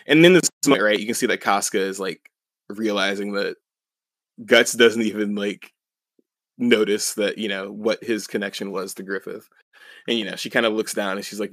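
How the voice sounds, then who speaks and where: A man's voice: fairly low pitch, fairly even intonation, normal speed, fairly bright tone, no echo. A young man co-hosting a podcast, casually recapping a story in a rambling way with many fillers and chuckles. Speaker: podcast co-host.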